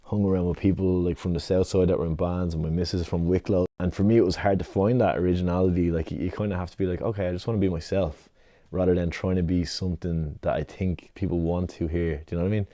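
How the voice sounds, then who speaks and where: A man's voice: deep voice, flat delivery, fast, hardly any pauses, dark tone, no room sound, clean studio sound. A man from Dublin in a casual interview, rambling chattily with lots of fillers and tag questions. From Dublin, Ireland. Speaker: rapper interviewee.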